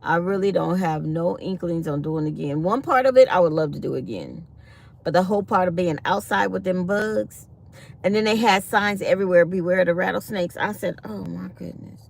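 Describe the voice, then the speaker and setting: A woman with a fairly low, creaky voice speaks fairly quickly on a casual livestream. Chatty and storytelling, she calls her viewers y'all and acts out what people told her.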